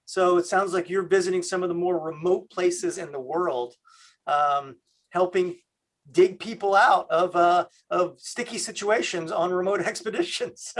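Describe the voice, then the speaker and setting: A man from Canada hosting a video call, talking in a halting way with many fillers. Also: high voice. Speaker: host.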